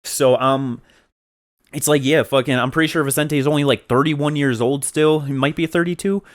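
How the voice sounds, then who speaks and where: A man's voice: on the high side, fairly even intonation, normal speed. A man co-hosting a podcast, talking in a rambling, casual way with lots of fillers and swearing. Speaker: podcast co-host. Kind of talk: casual chat.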